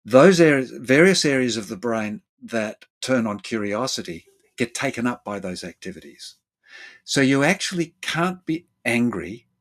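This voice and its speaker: A therapist appearing as a guest explains his ideas in a relaxed conversation. He thinks aloud with fillers and repeated words, often voicing other people's lines with sudden pitch jumps.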